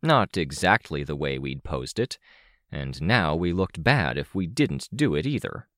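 Low voiced guy reading a story aloud, lively ups and downs, super dry mic. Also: unhurried, dry recording. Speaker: audiobook narrator. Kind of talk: first-person audiobook narration.

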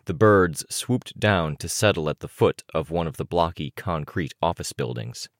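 A man narrating a novel as an audiobook in a deep, low voice. His reading is measured but animated, with lots of rise and fall. The recording is dry and close. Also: dry recording.

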